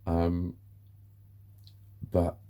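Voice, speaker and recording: A man's voice: low-pitched, completely flat delivery, very slow, dark tone. A man in a candid vlog monologue, frank and ranting, swearing often as he vents. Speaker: vlogger.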